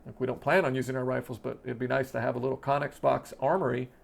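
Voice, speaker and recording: Host, man in his thirties, gravelly fried voice, salty and rambling, annoyed veteran venting on camera. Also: medium pitch, little pitch movement, quick pace. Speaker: channel host and Navy veteran. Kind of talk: casual vlog talk to camera.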